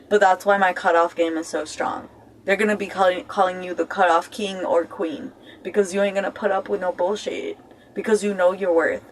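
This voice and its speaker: A woman's voice: mid-range voice, rough recording. Blunt, joking woman giving life advice. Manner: blunt, swears freely, keeps checking in with "okay?"; laughs often and jokes between points. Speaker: self-help vlogger. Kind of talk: casual motivational talk.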